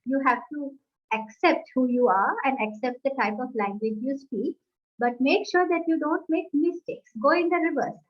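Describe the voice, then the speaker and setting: Woman, high voice, emphatic language coach, dull lo-fi sound. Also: normal speed. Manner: emphatic, coaching, uses "right?" tags. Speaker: webinar co-host, English trainer. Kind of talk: casual educational talk. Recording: dull lo-fi audio.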